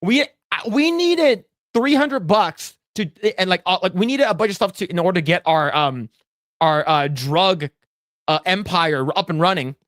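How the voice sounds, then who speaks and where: A man's voice: sits high, animated, moderate pace, a bit bright, dry recording, clean studio sound. A man co-hosting a podcast, telling a rambling gaming story with lots of fillers and frequent laughter. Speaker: podcast co-host. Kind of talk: casual chat, storytelling.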